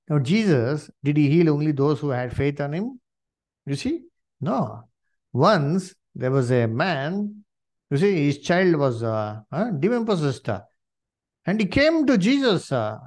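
A man preaching, his voice sitting a little high for a man. His pitch swings widely as he asks the congregation rhetorical questions, with "you see" and "uh" between his phrases. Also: a little mellow. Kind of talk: sermon.

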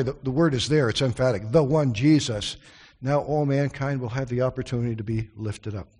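A man preaching a Bible study sermon in an earnest way, breaking off for chatty asides and restarting his sentences. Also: on the high side.

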